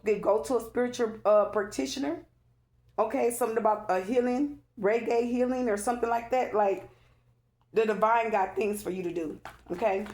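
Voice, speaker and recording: A woman talks through a tarot reading in a loose, preachy way. She repeats herself for emphasis and keeps checking in with "okay?". Her voice sits at an ordinary middle pitch. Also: a little mellow. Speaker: tarot reader. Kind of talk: casual spiritual tarot reading.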